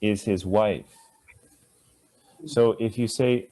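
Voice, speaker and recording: A man's voice: fairly low pitch, unhurried, pauses often, warm tone. A man teaching a live Sanskrit class, chatty and asking students to repeat sounds after him.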